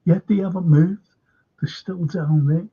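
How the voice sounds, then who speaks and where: A man's voice: high-pitched, steady tone, measured pace, breathy edge. A man hosting a live fan show, talking emphatically to viewers by name, repeating points and swearing. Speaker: fan channel host. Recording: dull lo-fi sound.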